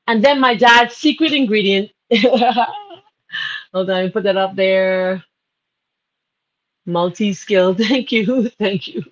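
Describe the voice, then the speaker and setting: A Bahamian woman hosts a live cooking show, speaking slowly in a mid-range voice with frequent pauses. She chats casually and laughs, becoming tearful and emotional with spiritual asides. The audio is slightly dull with faint noise.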